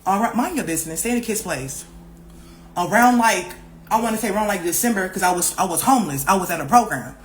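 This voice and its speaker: Young woman, casual storytime vlog, profane, repetitive, animated, mid-pitched voice. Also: fast talker, a little hiss or hum. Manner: animated, profane, repeats herself, acts out other people's lines. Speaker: vlogger.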